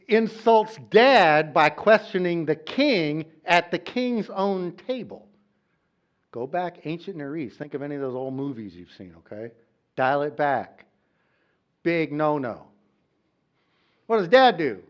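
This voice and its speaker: Brief: male pastor, chatty and animated sermon delivery, slightly high voice. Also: slow. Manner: conversational, animated, with frequent "okay?" asides. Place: church. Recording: dull lo-fi recording.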